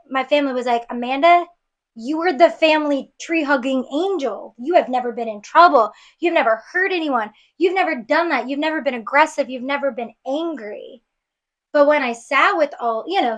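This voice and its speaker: Earnest high-voiced woman from New York City. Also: a bit bright. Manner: earnest, emotional retelling with restarts. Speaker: guest auditioning as co-host. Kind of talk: personal storytelling in a podcast interview.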